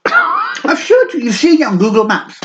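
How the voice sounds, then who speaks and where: A man's voice: very high voice, huge pitch swings, normal speed, a bit bright. A man in his fifties, a podcast co-host telling stories in casual chat and laughing often. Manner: chatty storyteller, laughs often. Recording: dull lo-fi sound, faint noise.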